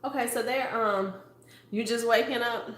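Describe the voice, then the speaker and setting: A woman's voice: fairly high pitch, moderate pace, a bit bright, a little hiss or hum. A woman beauty vlogger in a casual live-stream chat, playful and talking straight to her viewers. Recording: roomy echo.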